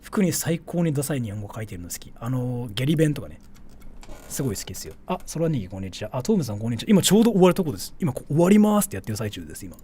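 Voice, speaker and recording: This young streamer from Japan talks in English with a Japanese accent, full of fillers, while he chats and reads out viewer donations. He speaks rapid-fire in a warm, medium-pitched voice that swings widely in pitch.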